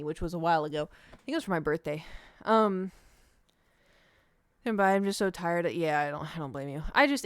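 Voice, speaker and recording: Here a woman streamer with a fairly low-pitched voice hops chattily from one story to another in a casual, animated conversation. It's a dry, studio-quality recording.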